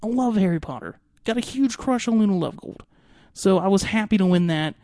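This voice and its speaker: Excitable rambling young man, podcast host. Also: high voice, brisk, no room sound, studio quality. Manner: excitable, rambling, many fillers. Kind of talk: casual podcast recap.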